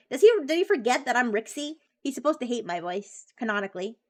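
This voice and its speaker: A woman's voice: fairly high pitch, expressive, fast, hardly any pauses. A woman streamer chatting casually on a live stream, bubbly and giggly as she talks with viewers and a chatbot.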